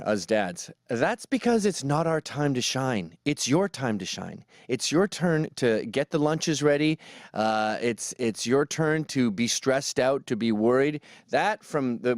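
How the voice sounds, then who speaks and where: A man's voice: mid-range voice, no echo, clean studio sound. A man giving a sarcastic, ranting comedic commentary, mocking as he goes. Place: New York.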